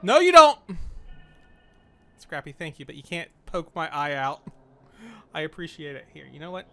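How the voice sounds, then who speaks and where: A man's voice: on the high side, fairly even intonation, a little fast, creaky, pushed and bright. A man narrating a horror game playthrough, joking and self-mocking as he talks to the characters on screen. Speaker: game host playing a horror game. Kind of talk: let's play commentary.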